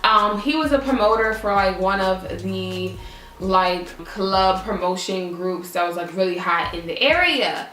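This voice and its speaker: Young woman doing a storytime, lots of cursing, acts out quotes real animated, echoey room. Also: mid-range voice, measured pace, a little hiss or hum. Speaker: vlogger. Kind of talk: casual storytime.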